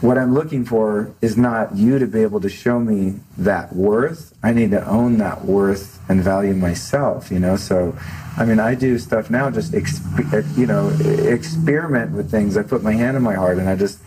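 Middle-aged male guest, low mellow voice, candid and reflective interview talk. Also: moderate pace, a little hiss or hum, poor audio. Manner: earnest, open and self-reflective, with many restarts. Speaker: podcast host as interview guest. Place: studio set for a filmed talk show.

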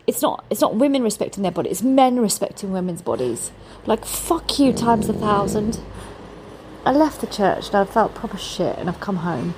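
A woman's voice: mid-range voice, very animated, normal speed. A woman, talking casually to camera as she walks through city streets, chatty and blunt with plenty of swearing. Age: 40s. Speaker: travel vlogger. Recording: phone audio with traffic noise. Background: street traffic.

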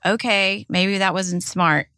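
A woman's voice: medium pitch, fairly even intonation, slow pace, sharp tone, dry recording, clean studio sound. A woman with a Southern US accent, co-hosting a podcast in casual chat, emphatic and impassioned, swearing freely. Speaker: podcast co-host.

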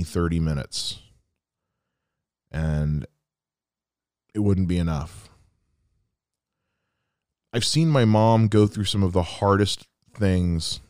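A man in his thirties hosts a solo podcast, speaking in a low, slightly mellow voice with no room sound. His heartfelt monologue about someone close to him is earnest and reflective, sprinkled with quoted asides.

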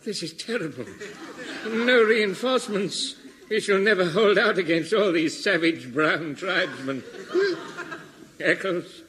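A man's voice: high-pitched, a little slow, crowd noise. A man voicing a blustering, cowardly old army major who barks orders, in 1950s radio comedy. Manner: blustery, barking orders, sudden yelps. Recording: hissy old radio broadcast recording.

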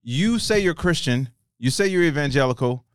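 A man's voice: fairly high pitch, lively intonation, normal speed, clean tone, no echo, clean studio sound. A man co-hosting a podcast, in a casual, profane and emphatic chat full of restarts. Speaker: podcast co-host.

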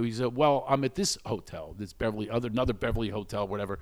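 Candid middle-aged man telling a story. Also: fast talker. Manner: animated, acts out quoted exchanges with sudden high exclamations; self-reflective, speaks openly about recovery and shame. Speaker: guest telling a personal story.

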